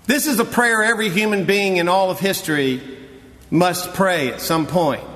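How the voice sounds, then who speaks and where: A man delivers a sermon with dramatic swings from hushed, drawn-out phrases to loud, emphatic cries. His voice sits a little high for a man. A long hall reverb trails behind every line. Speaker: pastor.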